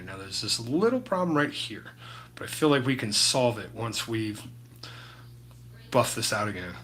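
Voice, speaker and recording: This mid-range, slightly bright voice belongs to a man painting on a live stream. He keeps things laid-back, rambling, cursing freely and chatting with viewers by name.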